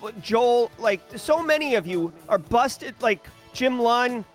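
High-voiced man ranting on a livestream. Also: takes it slowly, faint music behind. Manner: animated, ranting, many fillers and restarts. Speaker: host of a daily cybersecurity news livestream. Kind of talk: casual livestream commentary.

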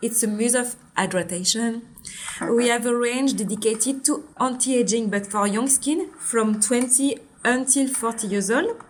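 A woman's voice: on the high side, measured pace, a little hiss or hum. A woman in her forties with a French accent, a brand founder explaining her products in an interview in an earnest, step-by-step way. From Martinique. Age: 40s.

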